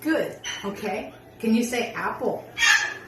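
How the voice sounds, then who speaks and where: A woman's voice: on the high side, lively intonation, a little slow, pushed and bright, distant mic. A woman in a sing-song, praising baby-talk voice, coaxing her pet parrot to talk. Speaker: pet owner. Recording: noisy, echoey room, off-mic.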